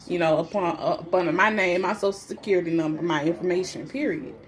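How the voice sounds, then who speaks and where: A pregnant woman with a fairly low voice tells her own story quickly in casual first-person talk. Blunt and defiant, she swears freely and acts out other people's lines in shifted voices.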